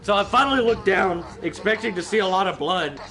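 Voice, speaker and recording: A man from Georgia, telling an animated, swearing story on a game stream. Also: high voice, brisk, poor audio. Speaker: stream guest.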